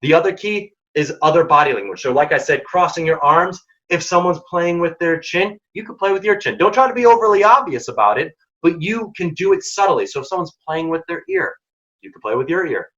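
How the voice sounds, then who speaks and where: Bright-voiced man giving career advice. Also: fairly high pitch, a little fast, dull audio. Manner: energetic, direct, acts out quoted dialogue. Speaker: workshop presenter.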